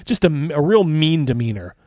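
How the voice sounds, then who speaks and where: A man's voice: a little high, sing-song, moderate pace, warm tone, no echo, studio quality. Rambling man running a tabletop game. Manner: rambling, filler-heavy, chuckling. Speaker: game master.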